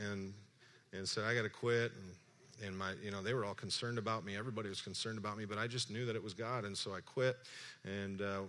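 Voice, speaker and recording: A man with a fairly low voice and a bright, forceful edge tells his story in a sermon-style personal testimony. He speaks earnestly and emphatically, with lively storytelling. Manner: animated storytelling, acts out dialogue, laughs often.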